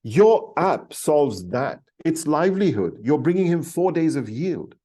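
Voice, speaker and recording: A middle-aged man telling a story as a podcast guest, animated and enthusiastic, often restarting his sentences. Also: a little high, a little slow. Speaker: podcast guest, leadership author. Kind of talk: storytelling in an interview.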